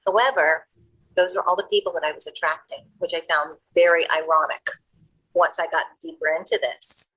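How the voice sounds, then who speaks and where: This is a middle-aged woman guest telling a personal story in an interview. Her voice is lowish and bright, with a husky edge. She tells it in an animated way and acts out the voices of the people in it. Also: normal speed, low-quality recording. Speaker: guest coach.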